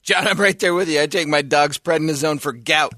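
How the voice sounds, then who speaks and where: A man's voice: on the high side, a little fast, bright, forceful tone, no echo. A man trading dry, joking quips as co-host in a casual comedic chat.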